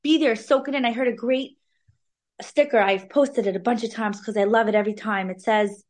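A woman giving an informal, animated weekly Torah talk, sprinkling in Hebrew terms. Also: a little high, brisk. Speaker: Torah class speaker.

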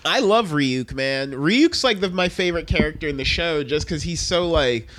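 A young man chatting casually, animated, laughing often and slipping into impressions. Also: a little high, moderate pace. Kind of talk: casual chat.

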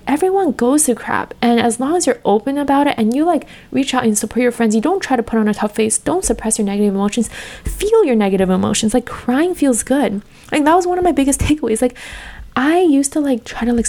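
Earnest young woman, fairly high voice. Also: darkish tone. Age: young adult. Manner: heavy use of "like", earnest and open. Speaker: vlogger. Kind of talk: casual reflective monologue.

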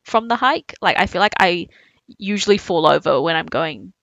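A woman's voice: lowish voice, moderate pace, no echo, dull audio. A young woman with a New Zealand accent, co-hosting a casual podcast chat and laughing often. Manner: laughs often, lively and chatty. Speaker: podcast co-host.

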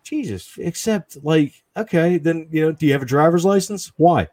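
A man's voice: fairly high pitch, animated, normal speed, dark tone, dry recording. Foul-mouthed guy ranting in a casual chat, lots of "you know", voice goes up and down a lot. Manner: profane, ranting, lots of fillers.

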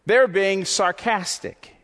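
A man preaching a sermon as pastor, impassioned and repetitive, his voice climbing toward near shouts. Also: high-pitched, slow, big-room sound.

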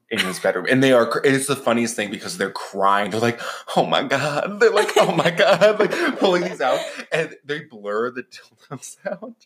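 A man's voice: on the low side, fairly bright tone. A man co-hosting a podcast in casual chat, giggling often and full of "like" fillers. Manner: giggly, chatty, lots of "like" fillers. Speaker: podcast co-host.

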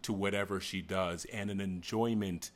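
A middle-aged man with a lowish voice talks as a guest on a chat show. He rambles in an animated way, restarting sentences and breaking into laughs as he tells stories. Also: moderate pace. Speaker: guest actor. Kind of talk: casual chat.

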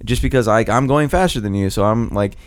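A man's voice: on the low side, a little fast, clean tone, no echo, studio quality. A man in casual podcast banter, telling a story with lots of swearing and acting out the people in it. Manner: animated storyteller, profane, acts out quotes.

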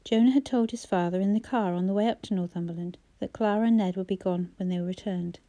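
Woman audiobook narrator, measured and even; dark, mellow timbre. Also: medium pitch. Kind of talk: scripted narration of a novel.

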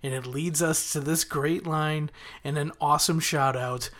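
A man's voice: on the high side, fairly even intonation, a little slow, a bit bright. A man hosting a podcast, recapping a TV episode in an enthusiastic, rambling way with frequent chuckles. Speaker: podcast host reviewing a TV episode.

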